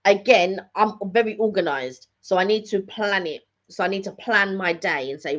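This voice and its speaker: With a fairly bright, mid-range voice and lively intonation, a middle-aged vlogger talks at a moderate pace during her live catch-up. It's casual, rambling chat full of repeated phrases, recorded in dull lo-fi sound.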